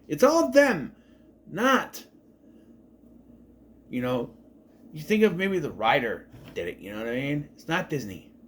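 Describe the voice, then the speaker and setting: A man's voice: fairly high pitch, slight background noise. A man giving a casual, enthusiastic spoken review of a TV show, rambling and often correcting himself.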